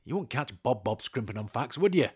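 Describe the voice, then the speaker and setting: A man's voice: mid-range voice, expressive, brisk, husky. A man co-hosting a comedy history podcast, playful and theatrical. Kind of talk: comic sketch interview.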